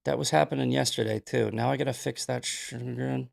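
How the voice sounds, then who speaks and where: A man hosts a casual live-stream news commentary show, rambling loosely and tossing in jokey asides while he fixes tech problems. His medium-pitched voice has vocal fry, a fairly even intonation, and a fairly quick pace.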